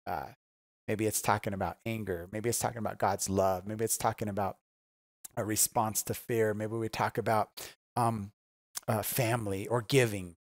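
A pastor giving a conversational, earnest sermon, often asking "right?" and repeating key phrases for emphasis. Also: male voice, lowish voice, steady tone, normal speed, dry recording, clean studio sound.

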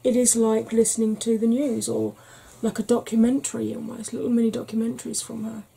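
Husky, breathy Welsh woman in soft-spoken ASMR chat. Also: on the high side, flat delivery, fairly quick. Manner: rambling, frank, chatty with fillers. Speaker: ASMR vlogger.

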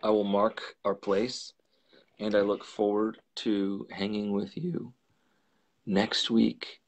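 Gravelly, husky man reading aloud. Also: on the low side, fairly even intonation. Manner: slow, deliberate reading. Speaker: storyteller host. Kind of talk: live reading of a classic novel.

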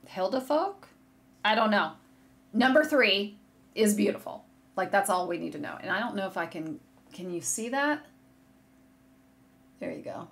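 A woman hosting a knitting video podcast from a room at home, chatting casually and gushing excitedly to viewers as she shows yarn. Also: medium pitch, vocal fry. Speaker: podcast host. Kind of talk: casual chat showing yarn on camera. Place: home room with a curtain behind her. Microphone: desk setup facing a monitor.

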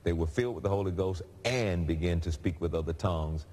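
A man's voice: low-pitched, fairly quick. A man preaching a sermon in a conversational, storytelling way. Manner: conversational, animated storytelling with laughs.

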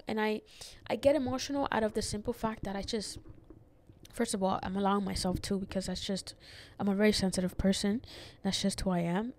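A woman's voice: mid-range voice, fairly even intonation, a little fast, darkish tone. A young woman hosting her own podcast, rambling through a personal story with lots of fillers and restarts, close to tears. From immigrant who moved to the United States as a child. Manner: rambling, many fillers and restarts, gets emotional. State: tearful, near crying. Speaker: podcast host. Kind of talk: personal reflective monologue.

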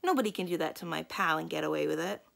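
A woman's voice: low-pitched, fast talker, vocal fry, a bit bright, exaggerated voice. A woman voicing a tall, skinny teenage bully who throws insults and threats in a children's storybook read-aloud. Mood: insulting.

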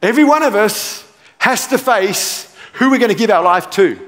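A man preaching with force, hammering home his points and repeating key lines, with playful asides in between. His voice sits high for a man. It carries the long reverb of a big church hall. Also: expressive, moderate pace, a bit bright. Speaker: pastor. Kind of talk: sermon. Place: large church auditorium.

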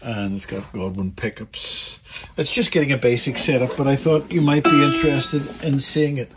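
A middle-aged luthier with a mid-range voice talks at a normal speed to camera in his workshop, chatting through each step of a guitar setup. The audio quality is poor.

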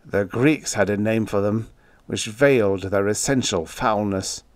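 A man voicing a terrified, hysterical man haunted by unseen horrors in an audiobook, swinging between shrieks and hoarse moans. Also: lowish voice, a little slow, no echo, natural voice. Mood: haunted urgency. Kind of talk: audiobook character voice.

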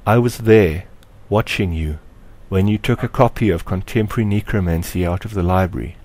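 A man reading aloud, voicing a young girl who is a spirit walker, speaking calmly and softly in a motherly way. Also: deep voice, a little fast. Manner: calm, soft, soothing. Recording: dry close recording.

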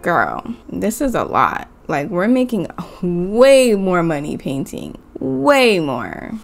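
A young gaming YouTuber with a mid-range voice and vocal fry gives casual, chatty commentary while playing a life-sim game. She talks both to her characters and to her viewers.

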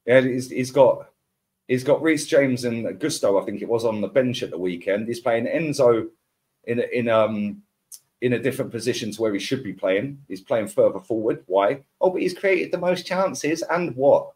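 A man's voice: mid-range voice, expressive, moderate pace, a little mellow. A man, ranting as a football podcast pundit in heated casual chat, full of slang and repeated words.

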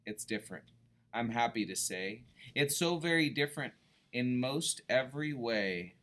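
Expressive man reading a kids' book. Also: medium pitch, slight background noise. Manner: expressive, explains words to kids. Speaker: storyteller reading to children. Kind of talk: children's picture book read-aloud.

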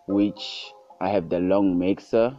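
A man narrating a casual music production tutorial, relaxed and easygoing, often calling out to his viewers and praising each sound. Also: low voice, slow pace, muffled recording. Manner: relaxed, repeats "guys" and "super cool".

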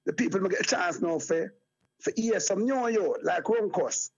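A man's voice: sits high, lively intonation, normal speed. A Jamaican man talking as an interview guest in casual patois, rambling and repeating phrases like "you get me, I say". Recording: dull lo-fi sound.

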